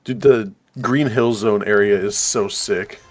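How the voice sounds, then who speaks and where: Male co-player, relaxed profane banter, lowish voice. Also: measured pace, soft background music. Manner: laid-back, profane. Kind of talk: casual chat while gaming.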